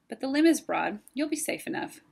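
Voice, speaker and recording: A woman's voice: high voice, big pitch swings, fairly quick, vocal fry, darkish tone, voice pushed up, exaggerated voice. A woman voicing a polite, helpful male crow in a storybook read-aloud, earnest in manner.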